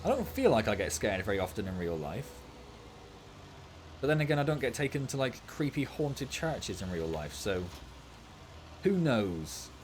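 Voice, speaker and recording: A man's voice: mid-range voice, very animated, moderate pace, long pauses, slight background noise. A man streaming a farming game and chatting casually and jokily, laughing easily. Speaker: gaming streamer. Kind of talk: casual livestream gameplay chat.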